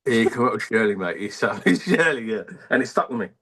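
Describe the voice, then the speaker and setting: A man, an army veteran telling stories in a casual radio interview, halting and rambling with many fillers. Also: medium pitch, animated, a bit bright, breathy edge.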